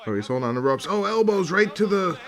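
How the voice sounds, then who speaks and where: A man's voice: high-pitched, expressive, fast. Profane rambling man reacting to fights. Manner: profane, rambling, laughs often. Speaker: commentator rewatching old fights. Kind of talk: casual reaction commentary.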